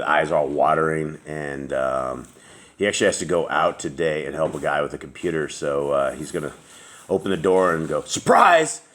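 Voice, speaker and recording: A man's voice: a bass voice, fairly bright tone. A man hosting a casual group chat, rambling with many fillers and restarts. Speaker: host.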